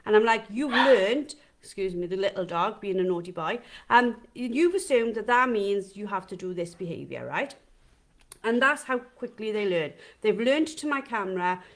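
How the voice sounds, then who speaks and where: A middle-aged woman talks casually on a live stream from her home. She rambles from point to point, adds asides and keeps asking her viewers questions. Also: fairly high pitch. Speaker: dog trainer hosting a live session. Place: home, with dogs in the kitchen.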